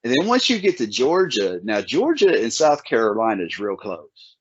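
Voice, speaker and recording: Animated Appalachian-accented man, lo-fi. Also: medium pitch, moderate pace, breathy edge, no echo. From Southern Ohio, USA. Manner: animated, stumbling restarts. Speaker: podcast host. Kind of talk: casual chat.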